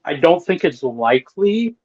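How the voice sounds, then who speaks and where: A man's voice: a little high, big pitch swings, moderate pace, a little mellow. Eager male panelist on dull lo-fi audio. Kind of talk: casual round-table chat.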